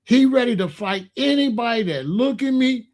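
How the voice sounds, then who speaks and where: A man doing an excited little daughter. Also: on the high side, normal speed, pitched above the performer's own voice, close to an everyday voice. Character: young schoolgirl daughter, excited and chatty.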